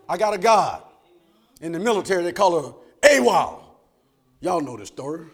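Preacher guy, cadence, high voice that jumps around a lot, keeps asking amen. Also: very animated, normal speed, pauses often, slightly rough. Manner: call-and-response preaching, asks "amen?" often, swings from soft to shouted. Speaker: pastor. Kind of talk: sermon.

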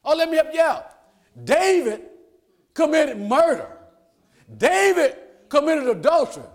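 An older man preaching a sermon, calling out to the congregation and rising to shouts. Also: very high-pitched, big pitch swings, unhurried.

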